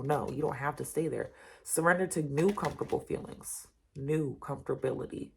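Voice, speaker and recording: With a low, gravelly, husky voice and a brisk pace, a woman delivers an informal tarot reading. She speaks directly to her listeners, calling them "you" and "y'all," and reassures them by repeating and stressing her points.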